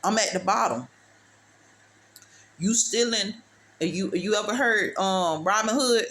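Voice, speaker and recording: This woman speaks slowly and expressively in a medium-pitched, fairly bright voice, sharing a preachy, motivational testimony. She calls the listener "baby," repeats points emphatically, and uses street-talk phrasing.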